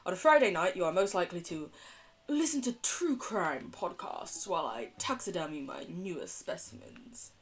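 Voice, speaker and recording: A woman voicing a posh, gothic Victorian gentleman dad with a formal, gloomy, stately manner and a posh English accent. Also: lowish voice, big pitch swings, normal speed. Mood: dryly gloomy.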